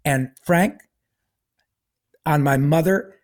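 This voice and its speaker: A man with a somewhat higher-than-usual voice tells a personal story as a guest on a podcast. He rambles casually, with plenty of fillers, restarts and a wry sense of humor. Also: takes it slowly, darkish tone.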